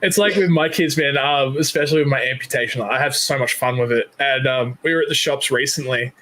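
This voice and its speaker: A man's voice: medium pitch, a little fast, sharp tone. A man chatting casually as a podcast guest, telling jokey anecdotes in an easygoing way. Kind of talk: casual chat.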